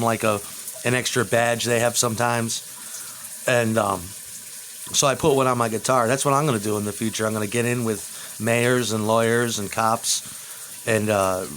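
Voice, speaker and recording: A man rambles crudely in a home vlog, his voice at an ordinary middle pitch. He lurches from loud bursts to low muttering, with a faint hiss of background noise behind him. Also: rough recording.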